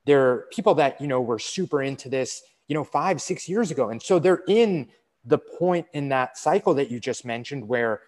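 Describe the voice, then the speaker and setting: A man speaking as a guest in a relaxed interview. He talks in a loose, rambling way, packed with filler words. His voice sits at an everyday middle pitch. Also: normal speed. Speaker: fitness brand representative, guest. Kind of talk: casual conversational interview.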